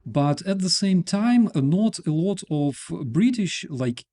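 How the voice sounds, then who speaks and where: Halting man hosting with a Ukrainian accent. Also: high-pitched, sing-song, a little mellow. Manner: halting, filler-heavy speech with many "uh" and "like". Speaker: stream host. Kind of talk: casual video chat.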